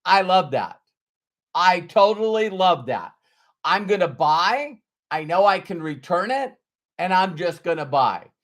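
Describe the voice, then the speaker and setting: A middle-aged man speaks straight to camera, earnest and emphatic, circling back to repeat his point. His voice sits high for a man. He talks slowly and deliberately, in a sincere motivational tone. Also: big pitch swings. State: choked up with emotion. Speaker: sales trainer.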